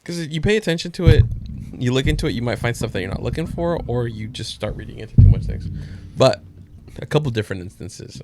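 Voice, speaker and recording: A man's voice: medium pitch, lively intonation, quick pace, noisy background. A man co-hosting a podcast, telling a casual story with laid-back swearing.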